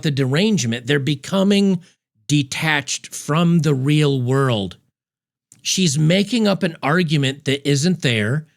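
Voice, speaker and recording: A man's voice: on the high side, vocal fry. A man hosting a reaction commentary on a video clip, speaking with emphatic, mocking scorn. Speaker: commentary host.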